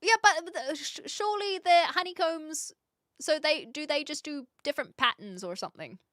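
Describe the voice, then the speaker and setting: A woman's voice: high voice, expressive, moderate pace, fairly bright tone, no echo, clean studio sound. A woman from New Zealand with a rounded New Zealand accent, chatting casually on a live stream as she reacts to videos, curious and laughing often, with casual swearing.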